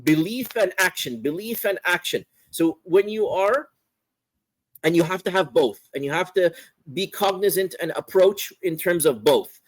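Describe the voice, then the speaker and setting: Man, high voice, dry close sound; religion teacher working through a text, repeats himself as he thinks. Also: moderate pace, no room sound, rough recording. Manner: repeats and restarts words while thinking aloud, varies emphasis. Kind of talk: explaining a theology text in a class.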